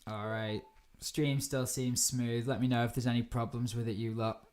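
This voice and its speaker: Very low-voiced woman streaming a game. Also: flat delivery, normal speed, darkish tone. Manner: chatty, easily startled, laughs often. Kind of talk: live-stream gameplay commentary.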